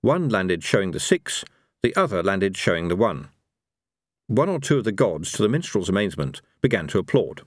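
A man narrating an audiobook in a lively, expressive reading. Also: low-pitched, normal speed, dry recording, studio quality.

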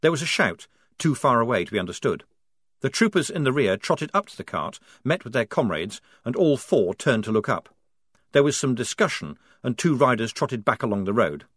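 Expressive male audiobook narrator. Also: medium pitch, no room sound, studio quality. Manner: measured, expressive. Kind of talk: scripted narration.

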